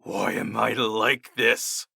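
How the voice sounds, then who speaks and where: A man voicing a confused, enraged monstrous male test subject with a low, garbled voice. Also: steady tone, slow, creaky, sharp tone, breathy edge, no room sound, exaggerated voice. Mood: anguished.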